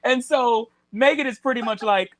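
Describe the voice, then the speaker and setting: A man's voice: extremely high pitch, normal speed, no room sound. A man co-hosting a casual chat show over a video call, sassy and playful. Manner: sassy, playful, animated storyteller. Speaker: co-host.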